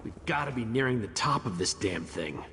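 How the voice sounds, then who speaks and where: An actor voicing a gruff male companion in a video game, urging everyone onward. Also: medium pitch, expressive, normal speed, fairly bright tone, slight background noise. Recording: game audio with reverb and ambience.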